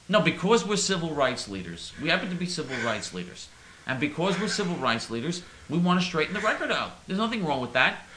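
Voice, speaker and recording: Bright, stammering man ranting. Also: fairly high pitch, sing-song, fairly quick, roomy sound, a little hiss or hum, low-quality recording. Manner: rambling, stammering, mock-earnest. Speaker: comedic caller in character. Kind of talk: comic monologue in character.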